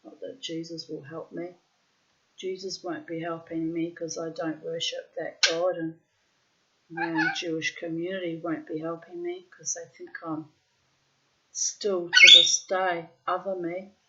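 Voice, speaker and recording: A middle-aged woman with a frank, profane manner, reading from her diary and chatting casually between entries. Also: on the low side. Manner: frank and profane, breaks into loud laughter. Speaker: diarist reading her journal aloud. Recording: dull, lo-fi sound.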